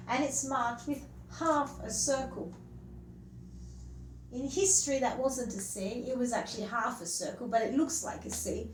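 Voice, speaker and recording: A woman's voice: on the high side, a little mellow. A woman music teacher patiently explaining things step by step and counting beats aloud at a whiteboard. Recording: roomy, distant mic, faint hum.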